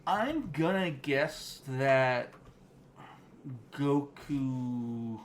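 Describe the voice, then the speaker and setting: A man's voice: medium pitch, animated, extremely slow. Male podcast co-host, easygoing, chatty, laughs easily, light noise underneath. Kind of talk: casual podcast chat.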